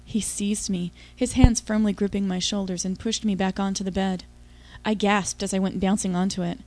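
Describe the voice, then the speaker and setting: A woman's voice: mid-range voice, fairly even intonation, normal speed, a little mellow. A woman giving an intimate, confiding first-person audiobook narration.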